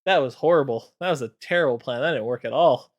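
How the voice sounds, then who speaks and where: A man's voice: medium pitch, fast, close to an everyday voice. A man voicing a giant male warrior with a hammer, talking in a casual, offhand way. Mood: flustered. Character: giant male titan warrior, blunt and flustered.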